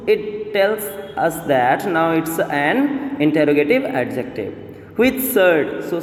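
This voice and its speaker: Slow, high-voiced teacher. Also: male voice, a little mellow. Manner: explains slowly, repeats words, many fillers. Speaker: English teacher. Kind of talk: grammar lesson. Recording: echoey room with long reverb.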